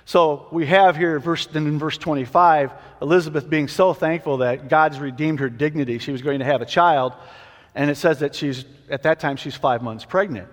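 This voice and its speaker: Casual bible teacher, slightly high voice. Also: male voice, moderate pace. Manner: conversational, with frequent restarts. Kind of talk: casual sermon. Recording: long hall reverb.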